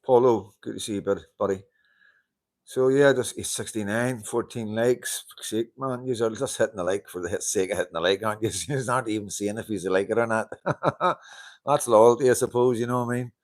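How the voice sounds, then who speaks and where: A man chats live to his viewers through a handheld mic, low in pitch. He greets people by name, laughs easily and throws in the odd curse, loose and unscripted. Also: fairly quick. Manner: chatty, greets viewers, laughs often, swears casually. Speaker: livestream host. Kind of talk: casual live-stream chat. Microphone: handheld wireless mic.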